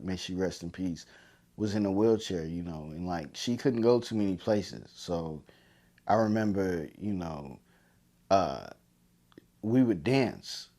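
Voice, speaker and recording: A man's voice: fairly low pitch, mellow. A man hosting a podcast, telling heartfelt family stories, choked up and emotional, with many fillers. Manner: heartfelt, repetitive, lots of fillers. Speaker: podcast host. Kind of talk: emotional personal storytelling.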